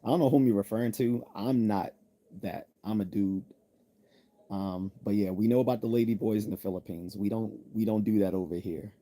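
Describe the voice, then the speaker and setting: Blunt, dark-voiced man streaming live. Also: lowish voice, a little fast. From United States. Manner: blunt, joking, laughs at own jokes. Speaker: livestream host reading chat. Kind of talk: casual live-stream chat.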